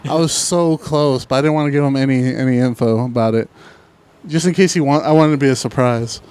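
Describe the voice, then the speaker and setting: A man's voice: mid-range voice, fairly quick, a little mellow, clean tone. A man telling a story in casual podcast chat, animatedly acting out both sides of a phone argument. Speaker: podcast co-host.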